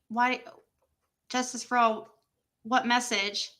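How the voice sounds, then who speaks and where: A woman's voice: on the high side, flat delivery, unhurried, sharp tone. A woman hosting a livestream, reading text messages aloud and reacting to them with exclamations and laughter. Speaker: livestream host.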